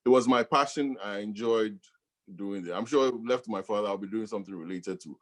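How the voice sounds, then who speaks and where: A man's voice: lowish voice, fairly quick. Ghanaian-born man, chuckling storyteller. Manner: laughs often, animated storytelling. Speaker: guest DJ and professor. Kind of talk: casual storytelling interview.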